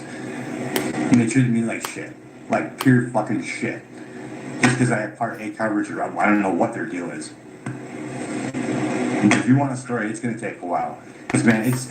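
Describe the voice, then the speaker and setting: A tired, frustrated man recounting his grievances, swearing often as he talks. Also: fairly low pitch. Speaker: caller telling his story. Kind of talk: unscripted recorded account. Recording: echoey room with loud background noise.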